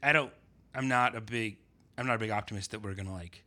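Casting: man, bright forceful tone, hesitant and full of fillers, relaxed chat. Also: lowish voice. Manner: halting, many fillers and restarts. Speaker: podcast guest, essayist. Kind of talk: casual conversation.

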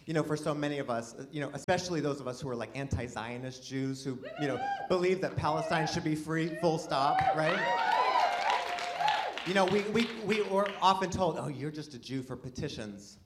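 A man doing a rambling, self-deprecating stand-up comedy set with excited outbursts, before a live audience. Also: on the high side, moderate pace, heavy background noise.

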